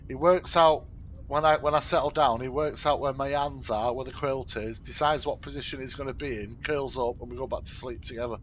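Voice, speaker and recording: A man's voice: mid-range voice, fairly even intonation, fairly quick, a little hiss or hum. Brief: man, middle-aged, casual stream chat, stop-start delivery. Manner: rambling, talks to chat, frequent self-corrections. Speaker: live streamer. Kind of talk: casual chat while gaming.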